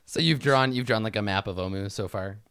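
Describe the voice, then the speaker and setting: A man's voice: on the low side, a little fast, a little hiss or hum. Man running a tabletop game. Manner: relaxed, with frequent fillers. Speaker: dungeon master.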